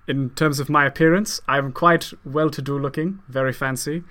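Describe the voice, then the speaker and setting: A man's voice: a little high, fairly even intonation, moderate pace, fairly bright tone, lightly acted. A man voicing a fancy, well-to-do male half-orc fighter in a put-on German accent, during a tabletop role-play. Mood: proud.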